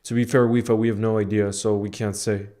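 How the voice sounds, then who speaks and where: A man's voice: lowish voice, flat delivery, a little fast, mellow. Guy doing a live football watchalong, fired up and then gutted, keeps saying bro. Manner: emotional, swings between outrage and glum reflection, says "bro" a lot. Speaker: football fan streamer. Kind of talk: live match watchalong commentary.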